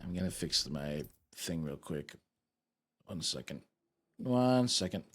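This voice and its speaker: A man's voice: low-pitched, expressive, slow pace, slightly rough. A young man chatting casually to his live-stream audience, goofy and rambling while he fiddles with his setup.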